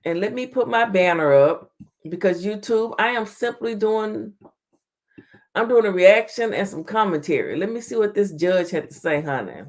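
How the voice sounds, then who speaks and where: A woman hosts a late-night live stream. She talks in a chatty, casual way, greets viewers by name and lets her pitch swing up and down. Her voice sits in the middle range for a woman. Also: lively intonation, moderate pace, darkish tone. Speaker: talk show host.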